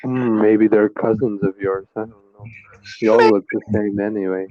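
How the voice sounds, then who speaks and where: A man's voice: on the low side, flat delivery, normal speed, dull audio, faint music behind. A man co-hosting a podcast, teasing and profane in crude comedic banter. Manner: profane, teasing, laughs often. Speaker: podcast co-host.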